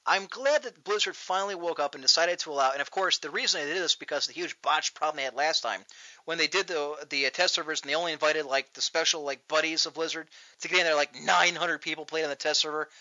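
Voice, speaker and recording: A man hosting a show, ranting loudly and profanely in a mocking tone, recorded on dull lo-fi audio. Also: fairly high pitch, fast, dry recording. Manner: loud, profane, mocking rant. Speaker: podcast host. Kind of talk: ranting comedic talk show.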